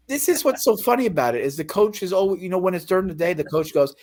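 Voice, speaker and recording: A man's voice: high-pitched, lively intonation, quick pace, hardly any pauses. A man ranting on a livestream about being fired as a cashier, profane and acting out the voices of the people he quotes. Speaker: fired store cashier telling his story.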